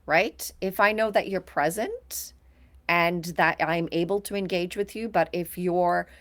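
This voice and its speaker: A woman co-hosting a podcast, giving calm, direct advice in casual talk. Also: fairly low pitch, a little slow. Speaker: podcast co-host.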